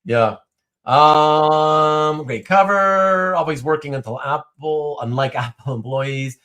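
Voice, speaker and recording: A man hosting a casual livestream chat, reading viewer comments aloud, with animated speech and stumbling restarts. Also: fairly high pitch, slow, clear, resonant tone. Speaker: host.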